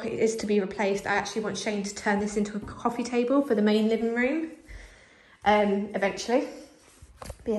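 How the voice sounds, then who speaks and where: A young woman talks her way through a casual house tour with plenty of fillers. She sounds a little out of breath and speaks at an ordinary pitch, picked up by a handheld camera indoors. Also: a little hiss or hum. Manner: chatty, lots of fillers. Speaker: vlogger.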